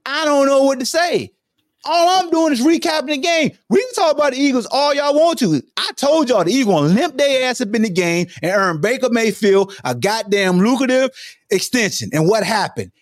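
A man's voice: very high-pitched, animated, brisk, dry recording, clean studio sound. A man hosting a sports podcast, ranting about a playoff game in a profane, preachy way and calling out chat members by name. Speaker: podcast host. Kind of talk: animated sports talk rant.

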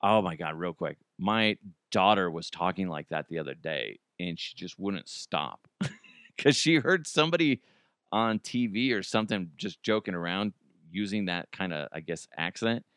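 A man in his forties hosting a casual solo podcast, excitable and laughing often. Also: low voice, moderate pace, smooth, no room sound, studio quality. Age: 40s. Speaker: podcast host.

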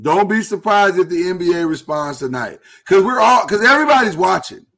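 A man hosting a live talk show, speaking earnestly and haltingly while he holds back emotion. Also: sits high, animated, creaky, fairly bright tone. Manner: earnest, halting, with many restarts. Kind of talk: casual live-stream talk.

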